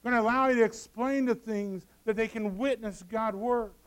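A male pastor preaching a sermon, acting out scripture scenes with dramatic swings between hushed and loud. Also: sits high, fairly even intonation, moderate pace, clear, resonant tone.

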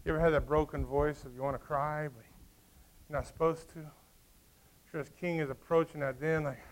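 A man preaching a sermon in an animated way, acting out the story's characters as he goes. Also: fairly high pitch, a little fast. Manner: animated, acts out voices of the characters. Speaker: pastor.

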